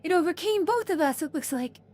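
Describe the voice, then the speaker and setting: A woman's voice: extremely high pitch, animated, fairly quick, a little mellow. A woman co-hosting a game stream in casual chat, teasing and calling her partner darling. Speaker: streamer co-host.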